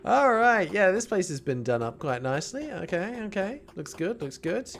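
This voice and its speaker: Playful man, gaming livestream host, lively up-and-down voice. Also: sits high, moderate pace, creaky, faint music behind. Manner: playful, jokey, chatty with viewers. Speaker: streamer.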